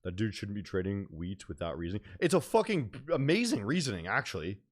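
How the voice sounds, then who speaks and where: A man's voice: lowish voice, big pitch swings, a little fast. Rambling young man chatting casually. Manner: rambling, filler-heavy, slangy. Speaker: day trading streamer. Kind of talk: casual livestream chat.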